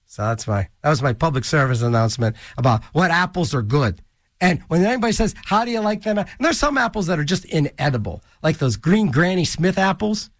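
A man's voice: a little high, big pitch swings, a little fast, dry recording. A man hosting a college radio show, rambling through goofy jokes and asides between songs in a small studio. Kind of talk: casual radio DJ patter. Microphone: studio mic.

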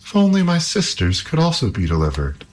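A frightened young princess pleads in a thin, high voice that swings widely up and down, as a deep-voiced male storyteller puts her on. Her worried, anxious manner carries through a storybook reading. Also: wildly swooping pitch, brisk, slightly rough, heavily acted. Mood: urging.

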